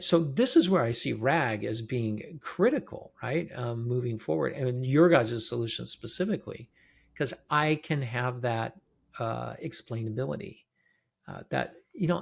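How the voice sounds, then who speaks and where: Husky gravelly guy hosting a podcast, chatty, keeps asking "right?". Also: mid-range voice. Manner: conversational, checks in with "right?". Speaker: podcast host. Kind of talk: casual interview chat.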